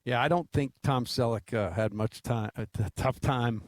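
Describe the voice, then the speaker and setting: A man co-hosting sports talk radio, trading quick teasing jokes in casual banter. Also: mid-range voice, a little mellow. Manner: wisecracking, teasing. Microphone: studio microphone.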